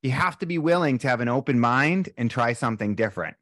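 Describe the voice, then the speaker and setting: Man, breathwork teacher, candid and animated, mid-pitched, dry close mic. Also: fast, dry recording. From US East Coast, Boston. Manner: animated, candid, swears a little. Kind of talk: casual podcast conversation.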